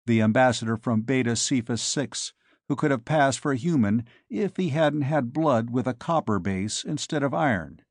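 A man narrating a story in the first person with a measured, wry delivery. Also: medium pitch, dry recording, studio quality. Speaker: audiobook narrator.

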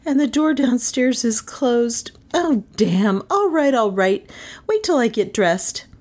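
A woman voicing a frazzled, hot-tempered young woman who shouts and complains in a shrill voice. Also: expressive, slow. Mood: exasperated.

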